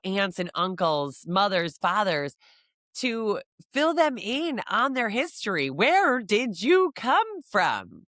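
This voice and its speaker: A woman's voice: medium pitch, fairly bright tone, dry recording, clean studio sound. A middle-aged woman from the American Midwest, a podcast host chatting casually, rambling and giggling as she acts out quoted lines. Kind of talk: casual chat.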